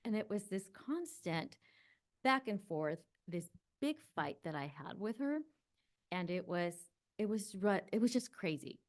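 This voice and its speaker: A middle-aged woman hosting a podcast, telling a personal story in an animated, reflective way. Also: medium pitch, unhurried. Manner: animated, reflective, acts out voices. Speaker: podcast host.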